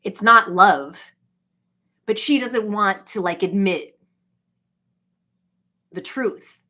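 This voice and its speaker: A woman in her forties talks straight to her viewers in a loose, wandering monologue. Her voice is husky and sits at a middle pitch. She stops and restarts often and leans on "like" between words. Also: sharp tone. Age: 40s. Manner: halting, heavy with "like" fillers. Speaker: streamer talking to viewers. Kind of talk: rambling casual monologue.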